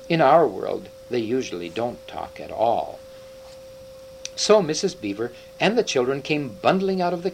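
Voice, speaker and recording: Guy reading a kids storybook out loud, really lively up and down voice. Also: mid-range voice, slight background noise, low-quality recording. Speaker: narrator.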